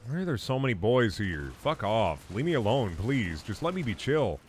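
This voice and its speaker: Streaming a game, a young man with a lowish, sing-song voice talks at a normal speed, cracking crude jokes with his chat and muttering asides while he plays. It's casual gaming commentary with slight background noise.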